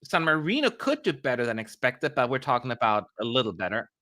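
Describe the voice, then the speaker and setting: A man from Germany hosts a live stream in a casual, chatty way, with a bright, forceful voice. He pokes fun at himself and has a dry, sarcastic streak, and he reads viewer questions aloud. The sound is dry and close. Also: mid-range voice, very animated, fairly quick, dry recording.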